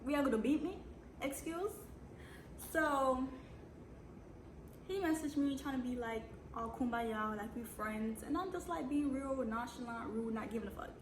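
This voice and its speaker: A woman's voice: high voice, normal speed. A young woman with a Jamaican accent telling a storytime vlog, blunt and sassy with slangy asides and dramatic repeats. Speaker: vlogger. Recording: echoey room with background noise.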